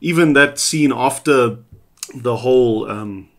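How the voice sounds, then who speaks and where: A man's voice: medium pitch, slow, fairly bright tone. A man co-hosting a casual film review chat, mostly giving short, laid-back replies. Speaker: podcast co-host.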